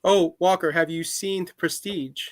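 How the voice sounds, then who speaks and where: A man co-hosting a podcast in casual chat, enthusiastic and quick to laugh. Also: high voice, fairly even intonation, a little hiss or hum.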